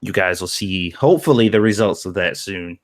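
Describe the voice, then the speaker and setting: A man's voice: low voice, moderate pace. A man co-hosting a stream, talking casually and rambling with lots of fillers. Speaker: stream co-host.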